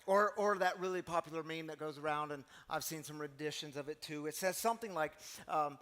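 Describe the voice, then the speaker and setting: High-voiced preacher in a reverberant hall. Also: male voice, expressive, a little fast, few pauses, fairly bright tone. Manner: emphatic, rhetorical questions, conversational. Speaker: pastor. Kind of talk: sermon.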